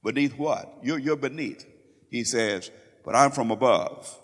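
A man's voice: mid-range voice, expressive, measured pace, fairly bright tone. A man preaching a sermon, quoting scripture and explaining it with frequent repetitions. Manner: expounding scripture with quoted lines and repetitions. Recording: long hall reverb.

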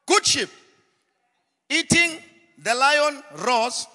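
A man preaching a sermon in a dramatic style, acting out scenes and building to shouted refrains. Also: very high-pitched, sing-song, takes it slowly, long pauses. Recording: long hall reverb.

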